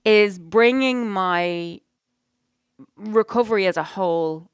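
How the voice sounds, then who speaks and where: Smooth-voiced woman, frank and rambling. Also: mid-range voice, takes it slowly, dry recording, clean studio sound. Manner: rambling, frank, swears, many "you know"s. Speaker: podcast co-host. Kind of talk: casual chat.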